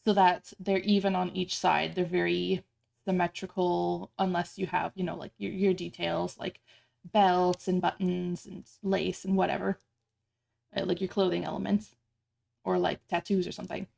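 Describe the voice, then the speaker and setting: A woman's voice: on the low side, little pitch movement, moderate pace, creaky, a little mellow. A woman streamer chatting casually during a live stream, rambling, restarting her sentences and laughing at herself. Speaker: streamer building her avatar model.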